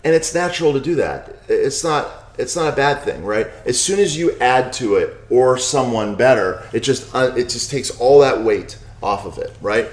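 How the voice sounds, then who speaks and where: A middle-aged man, an author and lawyer, appears as a podcast guest and chats casually, telling anecdotes peppered with "you know" and "right?" asides to his listener. His mid-range voice has lively intonation at a normal speed with few pauses, and the recording carries a roomy echo.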